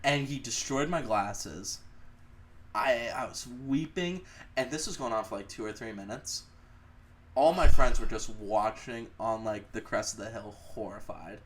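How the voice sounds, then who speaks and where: Swearing, animated young man telling a story. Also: lowish voice, unhurried, a little hiss or hum. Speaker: podcast co-host. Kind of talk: casual storytelling chat.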